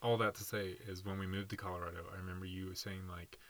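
A man's voice: low voice, level tone, quick pace, a bit bright. A man in his thirties from Nashville, co-hosting a podcast in casual chat, rambling and playful. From Nashville, Tennessee. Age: 30s. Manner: rambling, playful, laughs often. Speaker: podcast co-host.

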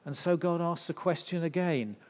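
A man delivers a sermon in a slightly high voice, surging to loud, intense peaks and then dropping to a hush. A long hall reverb trails behind every word. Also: moderate pace. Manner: dramatic swings from loud to hushed. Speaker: preacher.

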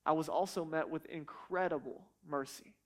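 A man voicing a remorseful fisherman apostle who quietly confesses his regret. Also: on the high side, moderate pace, natural voice. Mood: regretful. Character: remorseful middle-aged male fisherman apostle.

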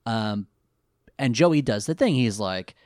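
A man co-hosting a casual recap chat, jokey and animated, breaking into goofy voices. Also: mid-range voice, slow pace, no room sound, clean studio sound. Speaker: podcast co-host recapping an anime.

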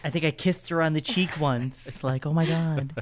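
A man's voice: a little high, normal speed, slight background noise. A young man co-hosting a podcast, telling a playful story in casual chat. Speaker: podcast co-host.

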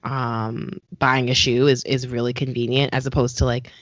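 Low-voiced chatty woman, dull dry sound. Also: level tone, moderate pace, no room sound. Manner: chatty, frequent "like" fillers. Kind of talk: casual chat about sneakers.

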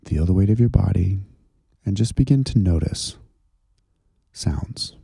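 A man with a very low, gravelly voice leads a guided contemplative prayer. His tone is dark and husky, slow and gentle. The sound is dry and close. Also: lively intonation, no room sound. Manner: slow, gentle, soothing guidance. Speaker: pastor leading guided prayer.

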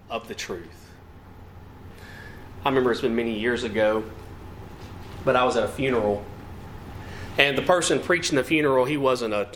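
A man's voice: mid-range voice, fairly bright tone, a little hiss or hum. A man preaching a sermon with emphasis and rhetorical questions. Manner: emphatic, rising and falling delivery with rhetorical questions.

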